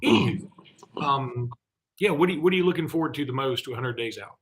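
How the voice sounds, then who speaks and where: A man hosting a sports talk show, chatty and rambling, and quick to poke fun at himself. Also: mid-range voice, lively intonation, slight background noise. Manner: chatty, rambling, self-deprecating. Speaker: host.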